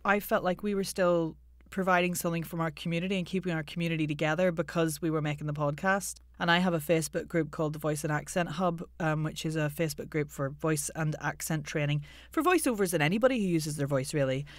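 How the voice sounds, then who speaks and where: Animated woman voice coach, dry sound. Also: low-pitched, fast talker, few pauses, no echo. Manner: animated, laughing, lively asides. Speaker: podcast co-host, voice and accent coach. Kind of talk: casual interview chat.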